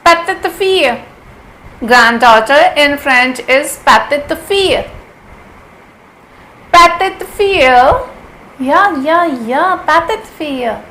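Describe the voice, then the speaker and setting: Slow, high-voiced woman teaching vocabulary. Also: expressive, bright, forceful tone, a little hiss or hum, rough recording. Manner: repeats each word several times, cheerful. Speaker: language teacher.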